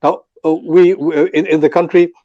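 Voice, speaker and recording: A man's voice: on the high side, flat delivery, a little fast, mellow, no room sound, highs cut off. An older man from Bangladesh speaking as a panel guest, talking off the cuff with many fillers and restarts. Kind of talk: unscripted commentary on an online audio panel.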